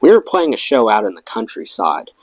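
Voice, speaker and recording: A man reading a rock memoir aloud in an expressive storytelling manner. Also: fairly low pitch, fairly quick, no echo, low-quality recording. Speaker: audiobook reader.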